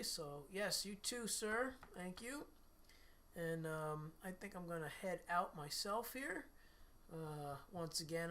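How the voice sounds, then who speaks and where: A middle-aged man, slightly hoarse from losing his voice, hosts a livestream and chats in a relaxed, rambling way with viewers between guitar playing. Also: fairly high pitch. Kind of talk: casual chat with live viewers.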